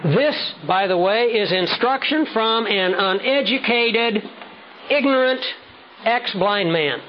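A man preaching a sermon with measured, emphatic delivery, slowing down to stress key words. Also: sits high, lively intonation. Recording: dull lo-fi sound with faint noise.

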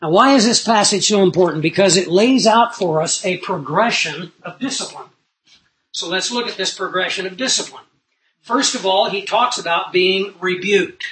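A middle-aged man preaching a sermon in an earnest storytelling way, swinging between loud emphasis and low asides. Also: moderate pace, slight background noise, poor audio.

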